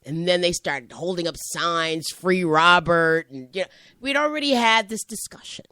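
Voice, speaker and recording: A woman who works as a high school teacher, chatting and telling a classroom story in a rambling way and acting out the voices in her quotes. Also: big pitch swings, moderate pace, a bit bright, no echo. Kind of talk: conversational storytelling.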